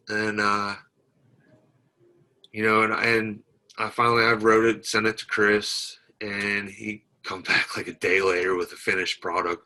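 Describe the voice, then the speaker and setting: A veteran guest in an interview speaks in a lowish, pushed and bright voice, captured with poor audio. Plainspoken, he recounts his story by replaying conversations line by line, with many "I said" lines.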